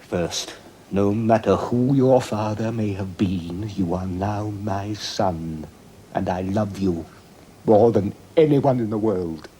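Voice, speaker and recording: An actor playing an aging Roman emperor and father in a 1970s television period drama, speaking earnestly and haltingly. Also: lowish voice, mellow, slight background noise. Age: older.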